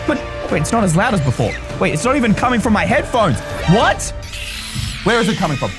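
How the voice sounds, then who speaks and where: A man giving live gameplay commentary as a gaming video creator, excitable and jumpy, often breaking into screams and exclamations. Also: sits high, brisk. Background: background music.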